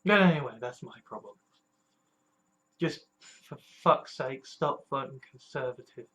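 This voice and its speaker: Brief: anxious vlogger, shaken and frightened, swears freely, stumbles and restarts mid-sentence, mid-pitched voice. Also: unhurried, fairly bright tone. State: scared and distressed. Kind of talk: personal political vlog.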